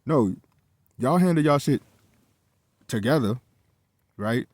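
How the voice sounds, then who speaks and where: A man's voice: mid-range voice, animated, slow pace, darkish tone, husky, no room sound. Guy ranting thru a personal story, swears a lot, keeps repeating himself, mid voice, dry sound. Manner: profane, heated, repeats himself often. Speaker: vlogger telling a personal story. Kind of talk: casual storytime monologue.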